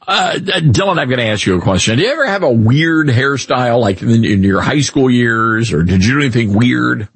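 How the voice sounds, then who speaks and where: A talk radio host with a husky, slightly raised voice that swings all over as he rants and jokes. The sound is dry and close to the mic. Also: mid-range voice, moderate pace, no room sound. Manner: animated, mocking, rambling. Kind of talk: opinionated talk radio commentary.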